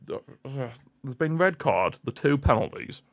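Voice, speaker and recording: A man's voice: mid-range voice, animated, moderate pace. A young man hosting a football watchalong stream, anxious and pleading as he comments on the match live.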